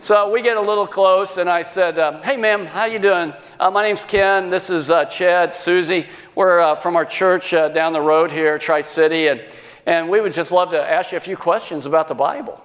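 A middle-aged man preaching a sermon, telling a story and acting out the dialogue with animated energy. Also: sits high, moderate pace. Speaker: pastor. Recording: long hall reverb.

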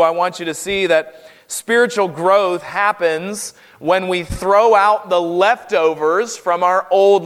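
A man from North Carolina with a Southern US accent, preaching a sermon as a guest preacher in an earnest, emphatic, deliberate way. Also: high voice, a bit bright. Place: church sanctuary. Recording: long hall reverb.

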